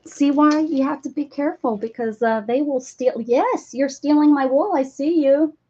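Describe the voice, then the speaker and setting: Her voice sits high and is a little mellow, moving at an ordinary pace. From a cluttered home space she runs a laid-back crafting livestream, chatting, apologizing to viewers, and cooing at her pets. Faint noise runs under the dull, lo-fi stream audio.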